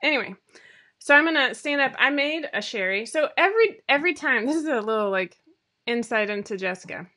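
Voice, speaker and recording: Chatty, bright-voiced woman on a home livestream. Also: high voice, lively intonation, brisk. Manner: chatty, rambling, self-deprecating, many fillers. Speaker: sewing pattern designer hosting a weekly live show. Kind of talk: casual livestream chat. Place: home room.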